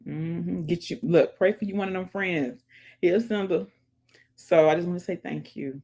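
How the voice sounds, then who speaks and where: A woman vlogger in casual chat, giving emphatic shout-outs and calling her viewers "y'all" while she listens to music in her earphones. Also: fairly low pitch, moderate pace. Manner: chatty and emphatic, keeps addressing viewers as y'all; preachy, urges viewers to pray and support others. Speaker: vlogger, channel host. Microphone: earphones in, listening to music while talking.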